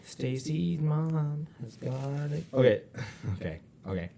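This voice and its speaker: A man's voice: medium pitch, lively intonation, slow, gravelly, warm tone, slight background noise. A young man co-hosting a casual podcast, giggling and rambling, often trailing off mid-sentence. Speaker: podcast co-host. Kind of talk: casual chat.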